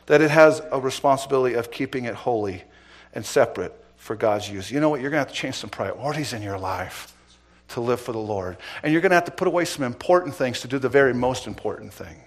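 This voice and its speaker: A middle-aged man preaching as pastor, asking the congregation pointed questions and swinging between loud emphasis and quiet asides. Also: mid-range voice, lively intonation, fast. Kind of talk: sermon.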